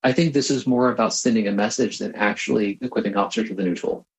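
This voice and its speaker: A man, a former attorney, answering news interview questions in a brisk, assured way. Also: on the low side, poor audio.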